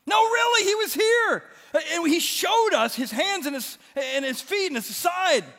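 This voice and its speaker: A man voicing a group of excited male disciples, high-pitched and insistent. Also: unhurried, in a large hall, heavily acted.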